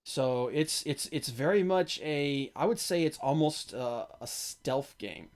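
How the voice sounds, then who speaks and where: A man hosting a podcast, talking about tabletop games in a halting, low-key way. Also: lively intonation. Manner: halting, many fillers and restarts, low-key. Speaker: podcast host.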